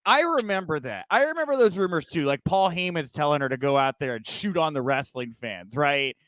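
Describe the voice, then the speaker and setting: A man's voice: fairly high pitch, expressive, brisk, a bit bright, no room sound. A man co-hosting a casual wrestling news podcast, ranting emphatically with lots of restarts. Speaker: podcast co-host.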